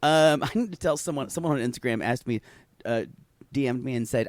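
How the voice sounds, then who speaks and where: A man's voice: medium pitch, brisk, dry recording. A man co-hosting a podcast, sassily recapping a reality show and calling the listeners y'all. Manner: sassy, keeps addressing listeners as y'all, laughs a lot. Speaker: podcast co-host.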